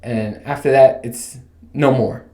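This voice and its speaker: A man's voice: mid-range voice, measured pace. A man in his thirties hosting a casual solo podcast, ranting and telling stories with plenty of swearing. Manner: animated, profane, rambling storytelling. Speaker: podcast host. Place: home room with bare walls. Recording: echoey untreated room.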